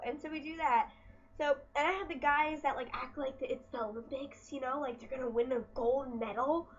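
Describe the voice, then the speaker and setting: A woman's voice: high-pitched, highs cut off. A teenage girl vlogging at home, chatty and exasperated as she retells her school day. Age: teens. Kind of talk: casual storytelling vlog.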